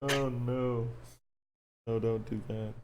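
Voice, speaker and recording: A man co-hosting a casual live-stream chat, teasing and animated, with hesitant restarts. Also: medium pitch, slow, noisy background. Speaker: podcast co-host.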